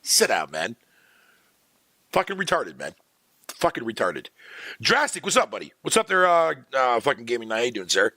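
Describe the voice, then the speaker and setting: A man's voice: medium pitch, huge pitch swings, moderate pace, pauses often, bright, forceful tone, no room sound. A man streaming live, ranting profanely to his chat in a casual, exasperated way. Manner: talks to chat viewers by name.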